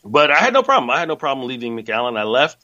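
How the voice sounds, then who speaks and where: A man's voice: mid-range voice, sing-song, quick pace, bright, forceful tone, no room sound. A man casually talking through a long story, rambling, chatty and correcting himself as he goes. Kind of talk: casual monologue. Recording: dull lo-fi sound.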